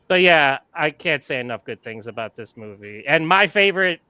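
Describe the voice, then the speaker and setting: A man's voice: a little high, expressive, normal speed, bright, forceful tone, clear, resonant tone, dry recording. A man co-hosting a casual movie chat, enthusiastic and rambling, with many restarts. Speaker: podcast co-host.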